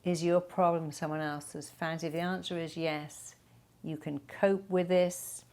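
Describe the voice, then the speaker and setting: Woman, middle-aged, low-pitched, emphatic self-help speaker answering viewer questions. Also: steady tone, a little slow, a little mellow. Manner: emphatic, acts out quoted speech.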